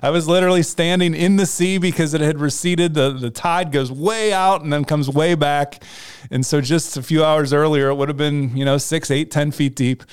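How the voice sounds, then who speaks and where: A man's voice: a little high, fairly even intonation, moderate pace, smooth. A man telling a personal faith story in a casual conversation, earnest, with frequent restarts.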